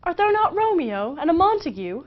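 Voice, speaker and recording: A woman's voice: extremely high pitch, very animated, normal speed, pitched above the performer's own voice. A woman voicing young Juliet, declaiming verse dramatically in a raised voice. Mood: impassioned. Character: young lovestruck girl Juliet, impassioned. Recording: slightly dull lo-fi recording.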